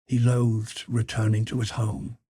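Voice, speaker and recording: A man narrating a classic story collection in a measured, even storytelling manner. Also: fairly low pitch, slightly rough, no room sound, clean studio sound. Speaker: audiobook narrator. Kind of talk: scripted narration.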